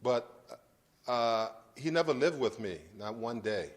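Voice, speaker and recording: A middle-aged man from Brooklyn, giving a lecture about his life in a conversational, halting way with frequent restarts. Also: mid-range voice, animated. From Brooklyn, New York. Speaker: guest lecturer. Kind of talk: personal storytelling lecture.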